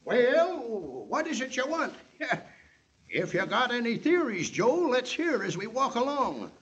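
An actor playing a stubborn, duty-bound frontier town marshal with a folksy drawl in a 1940s radio drama, in a dull old radio recording. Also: male voice, extremely high pitch, big pitch swings, a little slow, a bit bright, slightly rough, full character voice. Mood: stern.

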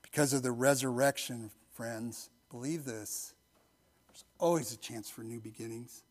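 A middle-aged man, a pastor, telling a personal story in a sermon and then leading a slow, earnest prayer, often dropping to a hushed voice. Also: medium pitch. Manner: soft-spoken, intimate storytelling that drops to near-whispers.

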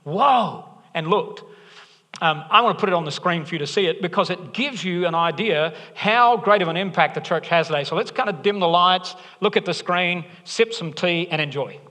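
A man's voice: high voice, brisk, bright, forceful tone. A man preaching a sermon as pastor, conversational and earnest with joking asides. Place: church hall. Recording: long hall reverb, faint music.

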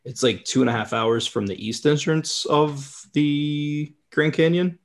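A man's voice: a little high, fairly even intonation, a little slow. A man chatting casually as a guest, rambling and explaining with many restarts. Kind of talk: casual chat.

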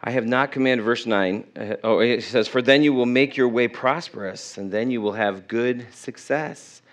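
A middle-aged pastor of medium pitch and normal speed preaches in church. During the sermon he reads from scripture, correcting himself now and then, and addresses questions to the congregation.

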